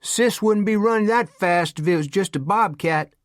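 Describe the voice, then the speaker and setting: A brash, eager frontier boy, as a male narrator puts him on, pitched well above the reader's own voice and a bit distant from the mic. He speaks in plain rural talk, quick to boast. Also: no echo, studio quality, natural voice. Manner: rural speech.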